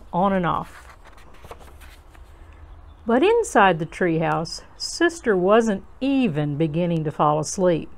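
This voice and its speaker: A woman reading a children's storybook aloud to kids as host, in a slow, gentle, expressive way. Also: mid-range voice.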